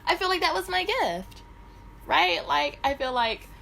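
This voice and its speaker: Profane, animated middle-aged woman vlogger. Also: sits high, unhurried, creaky, a little hiss or hum, low-quality recording. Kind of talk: casual storytime monologue.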